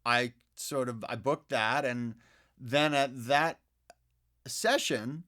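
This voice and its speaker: A man in a podcast studio tells stories from his career in a lively, meandering way, stopping often to restart a sentence. His voice sits in an ordinary middle pitch. He is picked up close on a studio microphone. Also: takes it slowly. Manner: animated anecdotes, many fillers and restarts. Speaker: guest voice actor. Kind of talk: casual interview storytelling.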